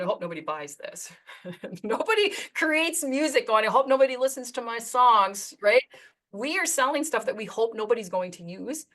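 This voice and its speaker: A woman coaching insurance agents, telling client stories and acting out both sides of the conversation. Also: on the high side. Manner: animated, acts out client dialogue. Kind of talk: storytelling to agents.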